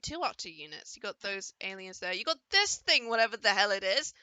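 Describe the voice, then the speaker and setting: A woman's voice: mid-range voice, expressive, fairly quick, pushed and bright, clear, resonant tone, no echo. A woman giving casual, enthusiastic commentary over a game trailer, now and then playfully voicing the characters she sees. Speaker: gaming video creator reacting to a trailer.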